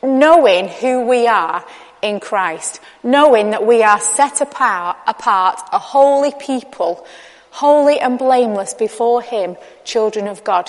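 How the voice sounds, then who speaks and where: Chatty woman preaching in a hall. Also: medium pitch. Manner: candid, chatty, acts out dialogue. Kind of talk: conversational sermon. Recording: long reverb of a large hall.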